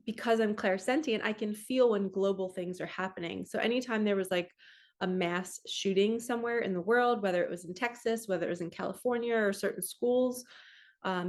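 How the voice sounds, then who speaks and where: A woman speaking as a spiritual coach, telling a personal story straight to her viewers in a loose, chatty way. She is animated and raises her voice when she acts out her own thoughts. She is an ordinary talker with a mid-range voice. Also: mid-range voice.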